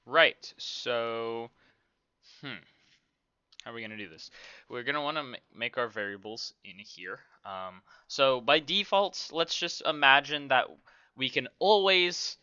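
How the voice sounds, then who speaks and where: Slow, rambling man with a bright voice. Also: medium pitch, smooth, no room sound, dull audio. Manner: rambling, self-talking, many fillers. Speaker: game development tutorial host. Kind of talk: casual screen-recorded tutorial.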